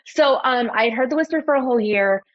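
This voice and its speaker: Animated woman telling a story, muffled sound. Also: fairly high pitch, fast talker. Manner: animated storyteller, quotes herself. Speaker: podcast guest, photographer. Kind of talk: storytelling in casual conversation.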